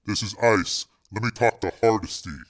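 A man's voice: fairly low pitch, moderate pace, close to an everyday voice. A man reading a crime novel aloud, voicing a menacing hitman with clipped street slang. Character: tough, menacing male hitman named Ice.

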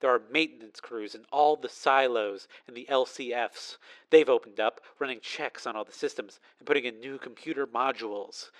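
A man's voice: mid-range voice, lightly acted, rough recording. Man reading a fierce, urgent female reporter. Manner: urgent, insistent.

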